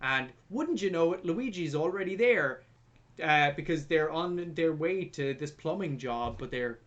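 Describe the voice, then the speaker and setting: Young guy podcast host, lively swoopy voice, swears a lot, jokey movie rant. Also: a little high, measured pace, highs cut off, very noisy. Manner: animated, sweary, jokey retelling. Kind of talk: casual film review chat.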